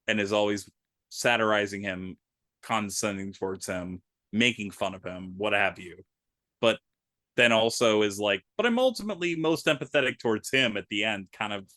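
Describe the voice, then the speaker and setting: A man co-hosting a casual film podcast, talking in an animated, emphatic way and swearing freely. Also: lowish voice, dry recording, studio quality. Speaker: podcast co-host.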